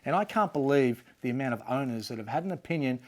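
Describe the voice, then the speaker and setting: A man's voice: medium pitch, lively intonation, fast talker, darkish tone. A man co-hosting a basketball chat show, enthusiastic and opinionated. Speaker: co-host. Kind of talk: casual sports chat.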